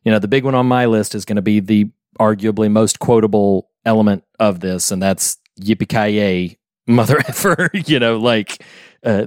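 Guy cohosting a movie podcast, lowish voice, laughs a lot, dry mic. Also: no echo. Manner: animated, laughs often, acts out quotes. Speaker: podcast co-host. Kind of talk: casual movie review chat.

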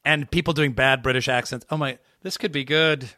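A man in casual comedic podcast chat, playfully pitching absurd ideas. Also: steady tone, brisk, bright, forceful tone, no room sound, clean studio sound.

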